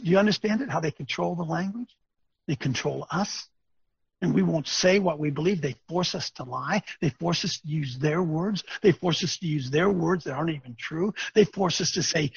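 A man hosting a webcast, delivering a preachy, ranting commentary, repeating himself emphatically and swinging between loud bursts and low muttering. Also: animated, moderate pace, gravelly, long pauses, slightly rough, no room sound. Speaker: webcast host. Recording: dull lo-fi dry recording.

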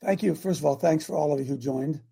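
An older man hosting a casual morning show, preaching in a folksy, emphatic way and swinging from loud declarations to quiet asides. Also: fairly high pitch, quick pace, gravelly, slightly rough. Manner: folksy, emphatic, rises and drops loudness for effect. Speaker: host.

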